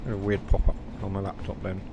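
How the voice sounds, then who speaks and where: Livestreaming a train game, a West Country man from South West England rambles casually through his commentary, occasionally making fun of himself. He speaks a little fast in a low voice with a completely flat delivery. The audio is dull, with background noise.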